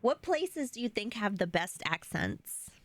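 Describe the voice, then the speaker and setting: A woman's voice: medium pitch, very animated, measured pace, soft background music. A woman with a New York accent, chatting casually with her live-stream viewers and laughing often as she answers them.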